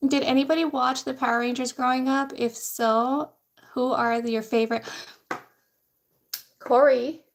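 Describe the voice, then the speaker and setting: A woman's voice: high voice, fairly even intonation, unhurried, pauses often. A young woman streaming casually from home while doing her makeup, chatty and blunt, swearing without fuss.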